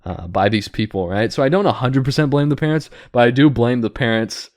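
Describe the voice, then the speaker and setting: A man's voice: mid-range voice, brisk, a little mellow, dry recording, studio quality. A man hosting a casual reaction commentary, ranting with disapproval and leaning on fillers and restarts. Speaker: commentary host.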